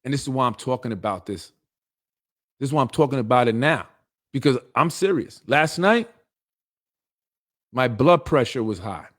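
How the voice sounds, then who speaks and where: A man's voice: mid-range voice, expressive, moderate pace, pauses often. A middle-aged man hosting a political show, delivering a blunt, confrontational, streetwise monologue. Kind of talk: heated monologue.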